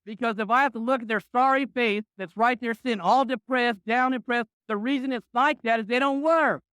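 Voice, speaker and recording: A man's voice: very high voice, brisk, pushed and bright, clear, resonant tone, dry recording. A man in his sixties giving a blunt, punchy motivational talk to a business crowd, often tossing in "right?".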